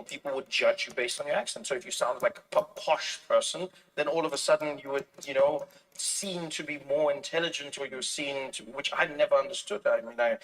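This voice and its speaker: A man, a comedian being interviewed, telling stories in a lively way and acting out the voices of other people, often restarting his phrases. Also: mid-range voice, recorded from a distance, low-quality recording. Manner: animated storytelling, acts out other people's voices, frequent restarts. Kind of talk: casual conversation.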